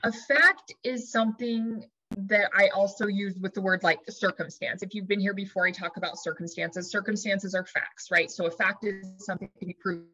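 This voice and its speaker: Lively woman life coach, slightly muffled. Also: mid-range voice, normal speed, husky. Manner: lively, shifts into dramatic inner voices when acting out examples. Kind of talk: teaching talk to an audience.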